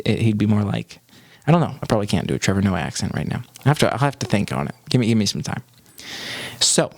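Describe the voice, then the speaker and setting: A young man talks casually to his viewers in a rambling, upbeat way and sometimes loses his thread. His voice sits a bit low. The sound is dry, with almost no room echo. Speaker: vlogger. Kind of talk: casual chat to camera.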